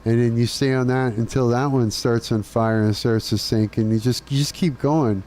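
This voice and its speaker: A man's voice: mid-range voice, fairly even intonation, normal speed, darkish tone, a little hiss or hum. A man live streaming, ranting casually and profanely with frequent laughs while chatting with viewers.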